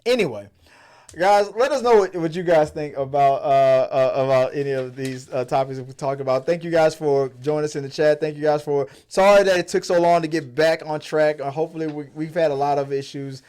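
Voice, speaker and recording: A man hosting a casual movie podcast, talking in a rambling, profane and animated way. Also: on the high side, a little fast. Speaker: podcast host. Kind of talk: casual chat.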